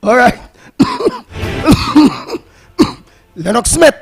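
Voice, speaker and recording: A man hosting a call-in radio show, giving brisk cues between callers. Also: extremely high pitch, huge pitch swings, soft background music.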